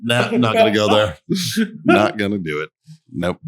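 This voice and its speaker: Low-voiced man trading crude jokes. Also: moderate pace. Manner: loose storyteller, laughs often, profane. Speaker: podcast host. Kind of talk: casual crude banter.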